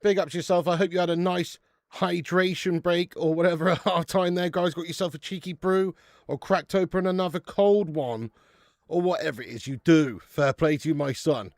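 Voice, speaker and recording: Gravelly-voiced English man hosting a football watch-along. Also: fairly high pitch, steady tone, normal speed, no room sound, studio quality. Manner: banter-heavy, swears, laughs often, calls viewers mate and lad. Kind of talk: live watch-along chat and reading chat.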